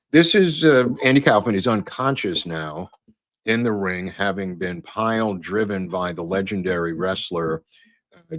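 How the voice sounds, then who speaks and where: Man, low voice, casual podcast host, rambling, lots of fillers, dry recording. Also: a bit bright, no room sound. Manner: rambling, many fillers and restarts. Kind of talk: casual commentary over photos and clips.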